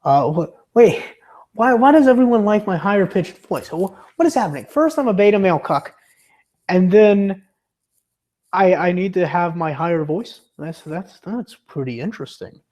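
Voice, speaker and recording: A man's voice: high-pitched, animated, normal speed, darkish tone. Hesitant man streaming, still getting over illness. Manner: rambling and hesitant, trips over his words. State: recovering from illness. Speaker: livestreamer. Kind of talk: casual livestream chat.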